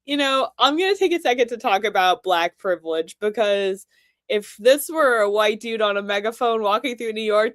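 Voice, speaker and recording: A woman's voice: a little high, fairly bright tone, no echo, clean studio sound. A woman hosting casual political commentary, blunt and sarcastic, swearing freely.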